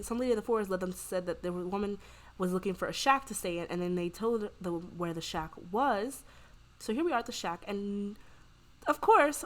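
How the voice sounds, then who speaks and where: A woman narrating her game as a casual story, quoting the characters in quick voices and sometimes breaking into excited shrieks. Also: medium pitch. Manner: chatty, retells scenes with quick quoted voices, bursts into excited shrieks. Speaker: gameplay narrator. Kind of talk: casual let's-play storytelling.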